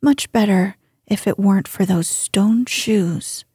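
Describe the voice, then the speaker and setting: A plucky, practical miner boy, whispered by a woman reading a storybook, breathy and low in whispered role-play. He talks in a matter-of-fact way, mellow and slow. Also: dry recording, clean studio sound. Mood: hushed, practical.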